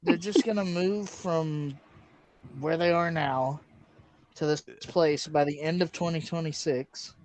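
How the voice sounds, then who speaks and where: A man's voice: fairly high pitch, fairly even intonation, slow pace, noisy background. A man co-hosting a casual chat podcast, blunt and exasperated, swearing freely. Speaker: podcast co-host.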